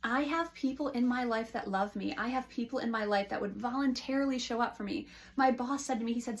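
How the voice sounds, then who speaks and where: A woman's voice: fairly high pitch, fast talker, hardly any pauses. A woman who is a licensed counselor, talking casually and frankly to camera from her counseling office.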